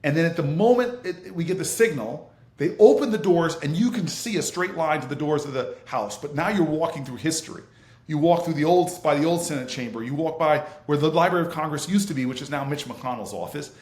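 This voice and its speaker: A man, a senator and interview guest, telling a lively anecdote with laughter and vivid scene-setting. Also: on the high side, fairly quick, roomy sound. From United States. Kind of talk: animated anecdotal storytelling.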